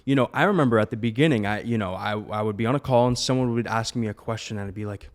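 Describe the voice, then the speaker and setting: Fast-talking young man, casual co-host. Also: lowish voice. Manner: quick, agreeable, with frequent short affirmations. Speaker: podcast co-host. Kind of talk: casual chat.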